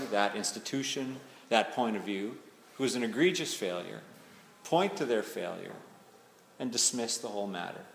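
A man's voice: medium pitch, a little hiss or hum. A man preaching a sermon in a conversational, reflective way, building to emphatic readings of scripture. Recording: echoey hall with faint ambience.

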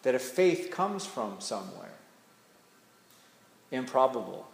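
A man, a pastor, preaching a sermon in a conversational, searching way, slowing down to lean on key words. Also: mid-range voice, sing-song, vocal fry. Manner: conversational and searching, slows down for emphasis. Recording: echoey hall with faint ambience.

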